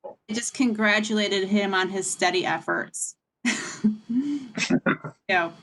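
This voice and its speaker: A woman's voice: medium pitch, fairly even intonation, takes it slowly, a bit bright. A woman leading a staff meeting over a video call, talking in a chatty, frank and rambling way. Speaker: meeting leader. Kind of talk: casual meeting talk.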